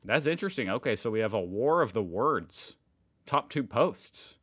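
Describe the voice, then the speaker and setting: A man's voice: mid-range voice, expressive, moderate pace, fairly bright tone. An American man hosting a casual reaction video, reading posts aloud and commenting with amused, chatty remarks. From United States. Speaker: host reacting to online posts. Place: home room in Indiana.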